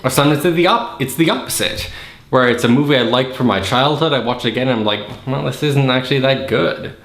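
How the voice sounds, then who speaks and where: Male podcast host, mid-pitched, sarcastic, casual movie riffing, echoey room. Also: lively intonation, fast talker, a bit bright. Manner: sarcastic, acts out scenes in silly voices. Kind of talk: casual comedic movie critique. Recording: roomy echo.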